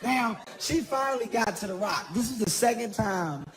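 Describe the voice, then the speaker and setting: A high-voiced man telling a stand-up story, animated and self-mocking, with laughter breaking into his delivery. The recording comes from a live venue with clear ambient noise throughout. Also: moderate pace. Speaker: stand-up comedian.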